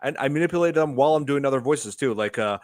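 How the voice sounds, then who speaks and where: A man's voice: mid-range voice, animated, quick pace, a little mellow, no room sound, clean studio sound. A man co-hosting a podcast, talking casually and hesitantly with many fillers. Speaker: podcast co-host.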